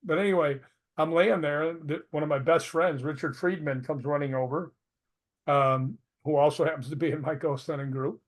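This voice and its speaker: A man's voice: on the high side, moderate pace. An older man, a retired stuntman, telling stories as a guest in a casual interview, laughing and acting out what people said. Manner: animated storyteller who laughs and acts out quotes.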